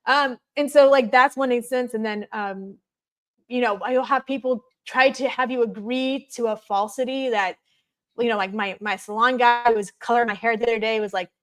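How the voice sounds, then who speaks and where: Woman guest, somewhat high voice, rambling conversational storyteller with frequent fillers. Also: fairly even intonation, moderate pace, fairly bright tone. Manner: chatty, many fillers of "like".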